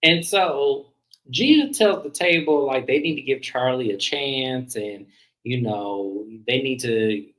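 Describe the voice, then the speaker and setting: Man, bright forceful voice, casual reality show recap, animated, swears a lot. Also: mid-range voice, slow, poor audio. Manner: animated, profane, laughs, acts out cast lines. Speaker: podcast co-host.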